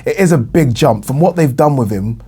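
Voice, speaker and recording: A man's voice: mid-range voice, lively intonation, brisk, dark tone, husky. An English man, a young adult, chatting casually about boxing news in a rambling way with lots of fillers and repeated phrases. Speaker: boxing vlogger. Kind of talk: casual solo boxing commentary.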